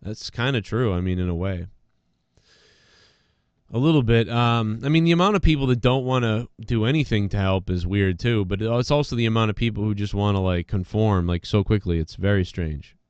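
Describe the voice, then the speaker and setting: A man's voice: fairly low pitch, moderate pace, a little mellow, clean tone, dry recording, muffled recording. A man hosting a podcast, talking in a casual, rambling and profane way while congested from allergies. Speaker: podcast host. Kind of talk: casual solo rant.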